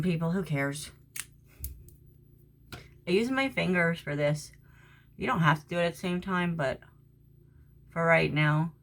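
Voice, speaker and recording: A low-pitched middle-aged woman talks her way through a makeup routine at home. Her chat is loose and friendly, aimed at a friend, and now and then it sinks into a hushed whisper. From Florida. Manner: chatty, talks to a friend while doing makeup, drops to soft whispers at times. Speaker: makeup vlogger. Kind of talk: casual makeup tutorial chat. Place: at home during quarantine.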